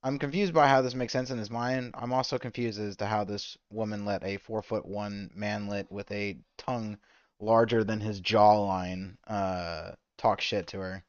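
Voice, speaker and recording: A man's voice: lowish voice, steady tone, normal speed, smooth, no room sound, highs cut off. A man giving profane, exasperated reaction commentary while playing a game. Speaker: streamer reacting to a video.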